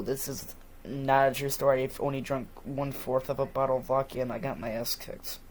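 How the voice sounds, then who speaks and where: A man's voice: mid-range voice, flat delivery, fairly quick. A man with a stuffy nose talking in a casual, rambling monologue, profane and full of fillers. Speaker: vlogger.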